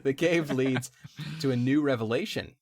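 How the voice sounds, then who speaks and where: A man's voice: medium pitch, moderate pace. A man co-hosting a podcast, recapping a video game story in a joking, self-deprecating way and laughing between lines. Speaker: podcast co-host.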